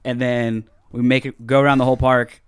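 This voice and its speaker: Dude rambling thru a wild story on a podcast, swears a lot, dry close sound. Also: male voice, mid-range voice, brisk, smooth, no room sound. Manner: profane, rambling, animated storyteller. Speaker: podcast co-host. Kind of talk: casual storytelling chat.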